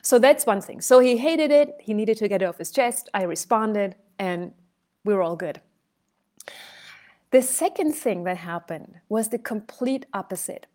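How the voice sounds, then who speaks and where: A woman voice and speech coach talking casually, telling a story and shifting her loudness to illustrate her points. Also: medium pitch, expressive, measured pace. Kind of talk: conversational coaching talk.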